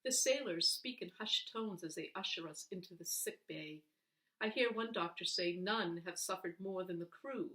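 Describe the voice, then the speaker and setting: A woman reading a children's book aloud in an expressive, animated way, with dramatic pauses. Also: on the low side. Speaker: reader. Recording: voice heard from a distance.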